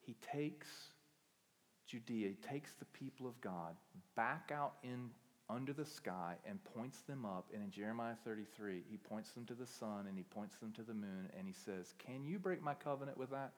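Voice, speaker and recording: A man preaching a sermon as pastor, moving between quiet reflective passages and loud impassioned peaks. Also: lowish voice, moderate pace, long reverb tail.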